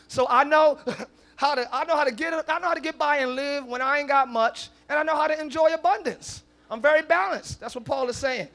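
A man preaching a sermon as pastor at a live church service, swinging from soft conversational asides to loud shouted declarations with call-and-response. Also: very high voice, fairly quick, vocal fry. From northern United States.

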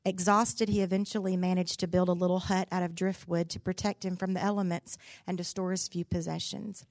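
A woman's voice: lowish voice, level tone, fairly quick, darkish tone, no echo. A woman, a pastor's wife giving a devotional talk in a folksy, candid, humorous storytelling way. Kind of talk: sermon-style devotional storytelling.

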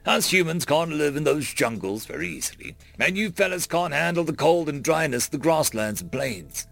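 A man plays an easygoing frontier settler, chatting in a relaxed, homespun drawl. The voice is gravelly and lively in pitch, and faint music plays underneath. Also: moderate pace. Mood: friendly. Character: folksy male human settler, easygoing and friendly.

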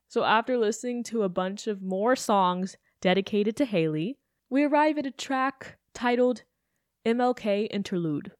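A woman's voice: medium pitch, expressive, measured pace, clean tone, no echo, studio quality. A young adult woman hosting a podcast, ranting in a chatty, sarcastic way with self-questioning asides. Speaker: podcast host. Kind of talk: casual podcast rant.

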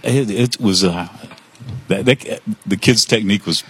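An older man, a part-time sports photographer, telling stories in a relaxed interview. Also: on the low side, unhurried, husky. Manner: chatty storyteller, repeats words when starting. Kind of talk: casual interview chat. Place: live show at a restaurant.

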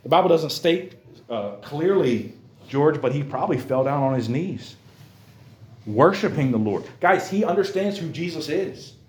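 Man preaching a Bible lesson, emphatic, a little high-pitched, roomy echo. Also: lively intonation, normal speed. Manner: emphatic, keeps addressing the listeners as guys. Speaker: Bible class teacher.

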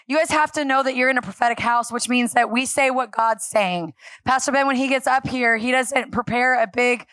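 A woman speaking at a church on a handheld microphone, giving a lively, self-deprecating sermon that acts out her talks with God. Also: a little high, no echo. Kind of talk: conversational sermon. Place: church stage.

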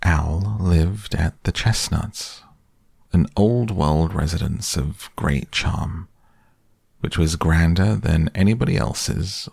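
A man with a very deep, gravelly voice reads a children's storybook aloud. He takes it slowly and evenly, with a husky grain to every word. The sound is dry and close, with no room around it. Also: a little mellow, dry recording. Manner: slow, measured reading.

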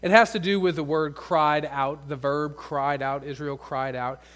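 A man's voice: on the high side, steady tone, a little slow, a bit bright. A male pastor preaching a sermon in a conversational way, full of asides and rhetorical questions.

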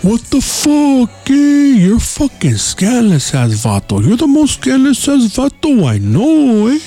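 A man voicing an irate male coworker who scolds him loudly with indignant profanity. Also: extremely high pitch, huge pitch swings, unhurried, soft background music, pitched above the performer's own voice, exaggerated voice. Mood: outraged.

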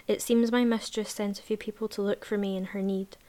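A woman reading a book aloud, voicing a timid young maid in a high, whispery, raspy voice. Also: little pitch movement, brisk, dark tone, natural voice. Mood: meek. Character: timid young female maid, meek and fretful.

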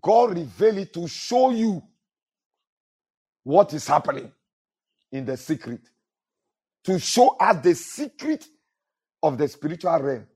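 A man's voice: a little high, very animated, unhurried, long pauses, darkish tone, breathy edge. A male pastor preaching a sermon, repeating phrases and asking the congregation to fill in words. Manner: repetitive preaching with call-and-response questions to the congregation.

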